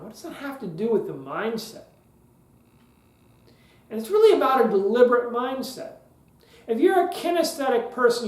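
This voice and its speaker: A man's voice: very high-pitched, a little mellow, reverberant, low-quality recording. A man hosting a podcast lesson on public speaking, talking in a conversational way with joking asides.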